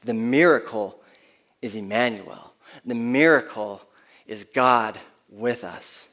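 A man's voice: medium pitch, slow, fairly bright tone. A man preaching a sermon in an earnest, conversational way, often restarting his phrases, who speaks of his own kids. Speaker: pastor.

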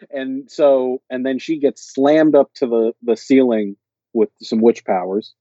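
Male podcast co-host, rambling recap with quoted lines, dark tone, lo-fi dull mic. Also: medium pitch, fairly even intonation, takes it slowly, no echo. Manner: rambling, quotes characters in raised voices. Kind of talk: casual chat recapping a TV episode.

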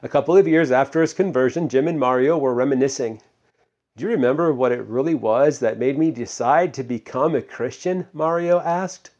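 A man's voice: mid-range voice, moderate pace, a little mellow. Guy preaching a chatty sermon, lots of uhs and questions, kinda muffled audio. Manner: conversational, many fillers and rhetorical questions. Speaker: pastor. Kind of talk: casual sermon.

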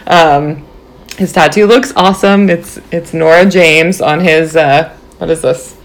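A young woman in her twenties, casually telling a story to her viewers in a bubbly, animated way, full of fillers like "like" and "um". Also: low voice, measured pace. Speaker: vlogger.

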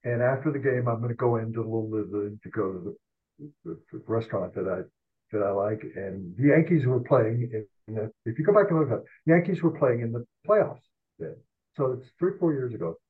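An older man with a husky, worn voice spins animated, self-mocking anecdotes as a podcast guest. His sound is thin and phone-like, as if he's calling in over a narrow line. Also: medium pitch, fairly quick. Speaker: podcast guest, sports columnist. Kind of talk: rambling anecdotal storytelling.

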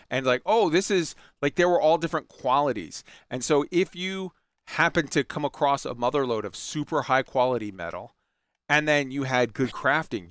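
Smooth-voiced man in casual gaming chat. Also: mid-range voice, a bit bright, no room sound, clean studio sound. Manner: rambling, profane, enthusiastic, many fillers and restarts. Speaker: gaming commentator.

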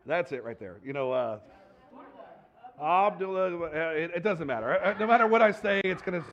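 A man with a fairly high voice preaches a sermon as a pastor, talking to his congregation as if chatting with them. He throws out rhetorical questions, trips over words and laughs off his own slips. The sound is dull and lo-fi, with the top end rolled off. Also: a bit bright. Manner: stumbles and restarts, jokes at his own slips.

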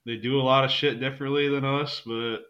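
A man's voice: medium pitch, fairly even intonation, fairly quick, bright, forceful tone, dull audio. A young man guesting on a casual podcast, a rambling storyteller who swears a lot.

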